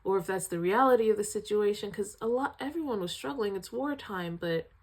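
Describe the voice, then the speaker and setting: Female film reviewer, casual and animated, emotional with frequent sighs. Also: medium pitch, fairly quick. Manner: emotional, sighing, animated retelling.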